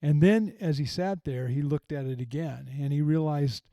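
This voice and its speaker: A middle-aged male pastor talks through a point of faith in an earnest, reflective way, often circling back to restart his thought. His voice is warm and mellow. The sound is close and dry, with no room around it. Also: fairly high pitch, normal speed, no echo. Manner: earnest, reflective, with frequent restarts and retold quotes. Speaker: pastor, podcast host. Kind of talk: conversational teaching on faith.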